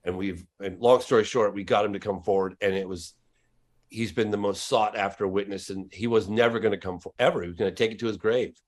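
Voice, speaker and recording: A man's voice: lowish voice, fairly even intonation, a little fast, a little mellow. Guy filmmaker on a podcast, leans hard on his words, pushy and emphatic. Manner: emphatic, insistent, stresses words. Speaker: documentary filmmaker, podcast guest. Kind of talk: casual podcast interview.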